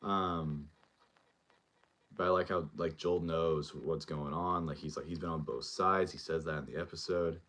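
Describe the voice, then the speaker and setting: A man's voice: a bass voice, fairly even intonation, unhurried, fairly bright tone. A male show host giving a casual, rambling recap and review of a TV episode, full of fillers as he retells scenes.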